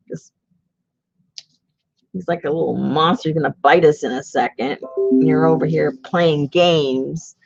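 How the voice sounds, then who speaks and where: A woman's voice: lowish voice, normal speed, vocal fry, dry recording, muffled recording. A woman hosting a crafting video, chatting casually as she works and laughing often. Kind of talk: casual chat while collaging.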